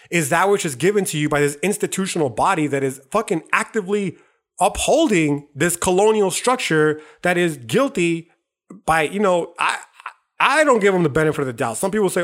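A man's voice: on the high side, expressive, a little fast, fairly bright tone. Fired-up, profane young man ranting. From United States. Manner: heated, profane, calls listener "dog". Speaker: podcast host. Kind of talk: profane, impassioned monologue.

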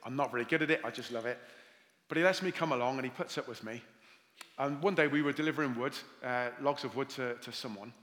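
A man's voice: mid-range voice, fast. A man with a Welsh accent preaching a sermon as pastor, telling stories and reading scripture aloud. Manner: warm storytelling with scripture readings. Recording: long hall reverb.

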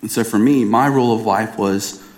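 A man's voice: on the low side, normal speed, a little mellow. Earnest man preaching a personal sermon. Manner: earnest, conversational storytelling with frequent repeated starts. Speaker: pastor.

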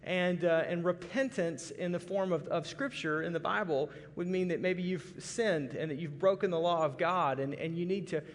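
Folksy pastor, high voice. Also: male voice, normal speed, few pauses. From Arkansas, USA. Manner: folksy, conversational with many restarts. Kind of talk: sermon. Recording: long hall reverb.

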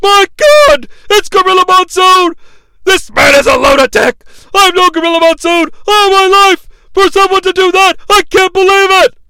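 A man's voice: extremely high pitch, animated, normal speed, pushed and bright, no echo, pitched above the performer's own voice, full character voice. A man doing a frantic shrieking wrestling announcer. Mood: screaming outrage. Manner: screaming in disbelief. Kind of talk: exaggerated impression of a commentator.

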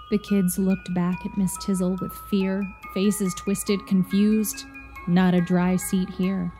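A woman narrating a rhyming spooky poem in a measured, playful storytelling manner. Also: medium pitch, little pitch movement, dark tone, faint music behind. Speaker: poem reader.

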